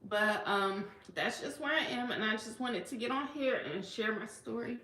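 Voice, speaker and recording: A woman's voice: fairly high pitch, moderate pace, bright, forceful tone, a little hiss or hum. A woman from Washington DC, a federal worker, talking earnestly in a personal livestream and often saying "okay" and "you know". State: tearful at times. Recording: echoey room.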